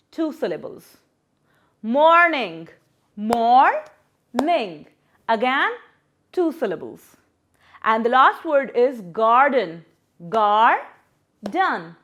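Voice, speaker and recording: Lively, high-voiced woman teacher. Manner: sounds out words slowly, syllable by syllable. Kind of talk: children's English lesson.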